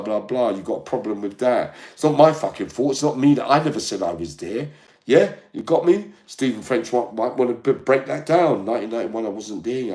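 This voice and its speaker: Older man, combative and profane, ranting straight to his viewers. His pitch swings widely from low mutters to high shouts. The sound has a noticeable echo from the room. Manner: profane, combative, keeps asking "yeah?". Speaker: online channel host.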